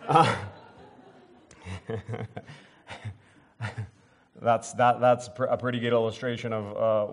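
A pastor preaching a sermon in his church, folksy and rambling, full of restarts, and building up to emphatic preaching. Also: fairly low pitch. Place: church sanctuary.

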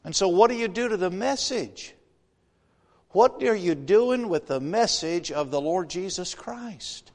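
High-voiced preacher in a reverberant hall. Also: male voice, animated, a little slow, a little mellow. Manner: folksy, rhetorical questions, rising to emphatic preaching. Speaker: guest preacher. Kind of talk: sermon. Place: church sanctuary. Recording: long reverb of a large hall.

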